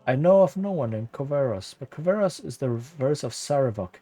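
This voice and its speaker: A man voicing a kindly old monk who protects a young ward, reading the old-fashioned dialogue aloud softly. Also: mid-range voice, lively intonation, fairly quick, soft background music, close to an everyday voice. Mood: gentle.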